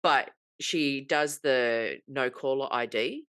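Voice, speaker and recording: A woman's voice: rumbling low, slow, smooth, no echo, clean studio sound. A woman co-hosting a casual podcast chat, telling stories with lots of swearing and acting out the other people's lines. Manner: animated storytelling, acts out quoted voices, swears freely. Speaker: podcast co-host.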